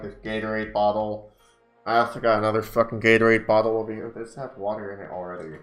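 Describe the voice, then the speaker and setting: A man's voice: lowish voice, fairly bright tone. A man hosting a casual book reading, breaking off into profane, heated rants between passages. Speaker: host reading a book aloud. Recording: roomy home recording with faint music.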